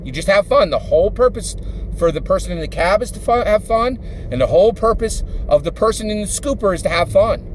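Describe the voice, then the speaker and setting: A beaming middle-aged father, pitched a little high, who is eager and completely sure of himself, voiced by a man telling a story. He sounds insistent as he pushes his point, with faint noise behind him. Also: lively intonation, a little fast. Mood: cheerfully insistent.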